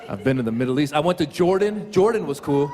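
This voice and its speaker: Male stand-up comic, high voice, animated storytelling, echoey venue with faint noise. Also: quick pace. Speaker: stand-up comedian. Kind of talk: stand-up comedy set. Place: comedy stage before a live audience.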